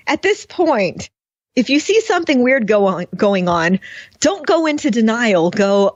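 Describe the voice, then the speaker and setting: A woman's voice: fairly high pitch, a little slow, no echo. Sarcastic, laughing woman podcast host. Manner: sarcastic, laughs often, animated. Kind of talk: casual chat, TV episode discussion. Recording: dull, dry lo-fi sound.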